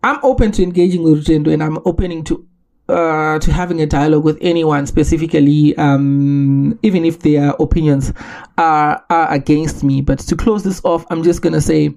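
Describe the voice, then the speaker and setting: Earnest man, gravelly voice. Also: on the high side, fairly even intonation, a little mellow. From Zimbabwe. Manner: earnest, measured, with frequent restarts and rhetorical questions. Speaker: podcast host. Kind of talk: solo podcast commentary.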